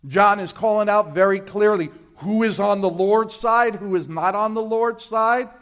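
A man's voice: normal speed, clean tone. Man preaching with dramatic swings. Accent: New York. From Brooklyn. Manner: dramatic swings between loud emphatic readings and low quiet asides. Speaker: pastor. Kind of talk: sermon.

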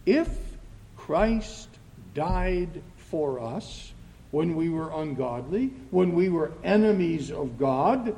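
A man preaching a sermon as pastor, speaking slowly and rising to loud, emphatic readings of scripture. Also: a little high, expressive. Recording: long reverb of a church hall.

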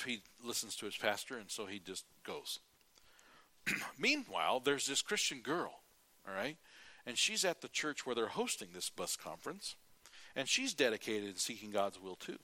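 A middle-aged male preacher giving a sermon, telling folksy stories, acting out quotes and often clearing his throat. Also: medium pitch, very animated, normal speed, sharp tone.

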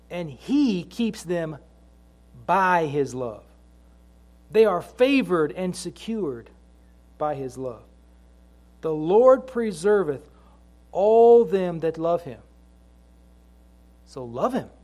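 A middle-aged man delivers a sermon in a notably high voice. He moves between relaxed, chatty family anecdotes and slow, weighty lines where he repeats phrases for emphasis. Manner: conversational storytelling with slow emphatic scripture lines. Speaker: pastor.

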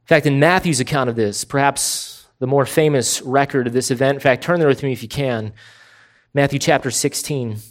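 A man preaching verse by verse, voice sitting at an ordinary middle pitch. He speaks with deliberate emphasis and slows down sharply on the words he wants his listeners to catch. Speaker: pastor. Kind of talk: expository sermon.

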